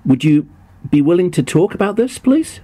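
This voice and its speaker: A man's voice: high voice, big pitch swings, normal speed, mellow. Stammering man in a fake American accent. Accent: put-on American, poorly done. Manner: hesitant, full of ums and stammers, mock-innocent. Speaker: prank caller. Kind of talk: prank phone call.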